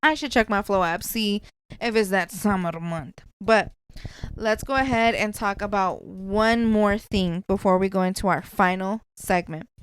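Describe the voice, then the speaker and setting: A woman's voice: medium pitch, a little slow, smooth. A woman hosting a podcast, chatting casually in a blunt, profane way. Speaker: podcast host.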